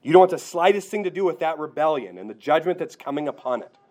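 Earnest higher-voiced male preacher. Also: animated, fast, darkish tone. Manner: earnest preaching, rhetorical questions, acts out quoted voices. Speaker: pastor. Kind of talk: sermon.

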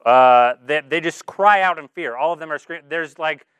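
A man's voice: on the high side, moderate pace, a bit bright, clean tone, dry recording, muffled recording. A man preaching in an earnest, informal way, using lots of "like" as he talks through a scripture passage. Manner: earnest, informal, filler-heavy with "like". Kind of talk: conversational sermon.

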